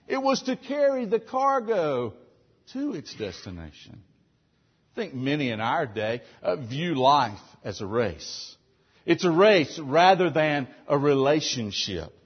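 A man preaching a sermon as pastor, asking rhetorical questions and driving points home with emphasis, loud one moment and soft the next. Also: on the high side, big pitch swings, unhurried, slightly rough, highs cut off.

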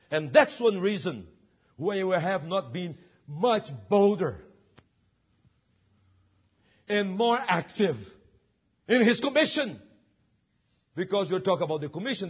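A high, husky male voice preaching with a lively, swinging pitch and emphatic rhetorical questions. The sound is dull and lo-fi, like an old church recording. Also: unhurried, long pauses. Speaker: pastor. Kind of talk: sermon.

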